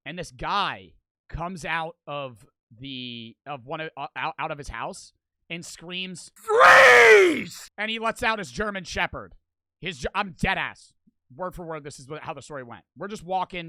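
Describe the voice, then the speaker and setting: Young male commentator, rowdy and profane, high sharp voice. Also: no echo. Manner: loud, excitable, swears often. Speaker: commentator reacting to videos. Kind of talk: profane animated storytelling.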